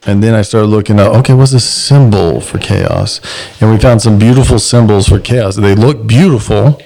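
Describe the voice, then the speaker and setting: A man with a mellow, dark voice and a gravelly edge chats casually as a co-host. He sounds upbeat and promotional, and he lingers on his words. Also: on the low side, normal speed. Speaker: podcast co-host. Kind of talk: casual chat.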